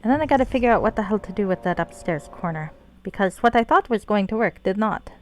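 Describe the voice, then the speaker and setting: A woman's voice: mid-range voice, lively intonation, fast talker, a little hiss or hum, rough recording. A woman giving casual gameplay commentary on her stream, wry and self-deprecating, swearing freely.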